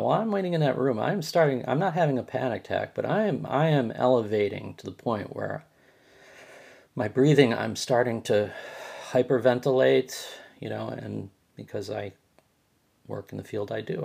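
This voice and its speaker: Male host, middle-pitched, husky; rambling, agitated personal monologue. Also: a little mellow. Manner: rambling, repeats and restarts words; agitated, complaining. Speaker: podcast host.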